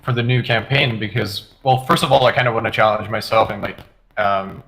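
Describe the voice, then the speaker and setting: Low gravelly man on a call. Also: fairly even intonation, a little fast, fairly bright tone, rough recording. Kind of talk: casual podcast chat. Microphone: online voice call.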